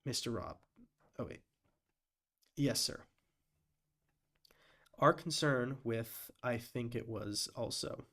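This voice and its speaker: A man's voice: mid-range voice, creaky, a bit bright. Man reading a hearing transcript aloud. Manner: reads out quote and end quote markers, deliberate. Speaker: live-stream reader and commentator.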